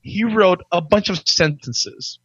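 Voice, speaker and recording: A man in his forties telling stories in a casual chat, animated, barking out impressions of drill instructors. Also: sits high, slow, slightly rough, no echo, lo-fi sound. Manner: animated, acts out drill instructors in loud barks. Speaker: podcast guest telling his life story.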